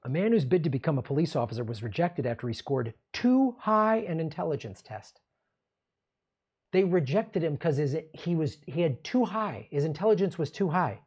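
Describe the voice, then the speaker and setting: A man's voice: fairly high pitch, animated, moderate pace, a little mellow, husky, highs cut off. A man hosting a political commentary show, ranting in an angry, sarcastic and profane way.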